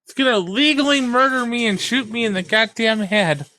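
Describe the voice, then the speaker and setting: A woman's voice: on the high side, moderate pace, sharp tone. A woman streamer commenting live on her own gameplay, swearing, groaning and cheering at the game.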